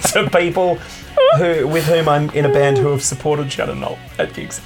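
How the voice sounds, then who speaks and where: A man's voice: fairly high pitch, fairly even intonation, normal speed, over loud music. A man co-hosting a comedy podcast, laid-back and sweary, laughing as he reads listener comments aloud. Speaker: podcast co-host. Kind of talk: casual comedy chat, reading comments aloud.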